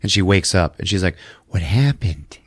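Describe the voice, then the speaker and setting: Low voiced guy telling a movie story, cussing, dry close mic. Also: unhurried, husky, dry recording. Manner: loose, profane, animated retelling. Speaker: podcast host recapping a film. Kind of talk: casual chat.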